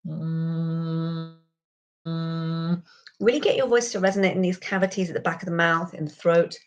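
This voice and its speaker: A woman leads a lesson in a calm, instructive way. She speaks in a somewhat low voice and slows down to model sounds clearly. She pauses so the learner can repeat after her. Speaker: accent coach. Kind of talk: pronunciation lesson.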